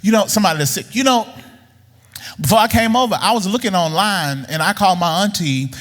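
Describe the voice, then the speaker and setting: A male preacher delivering a blunt, teasing sermon that swings from low muttering to high outbursts. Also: brisk, fairly bright tone, big-room sound.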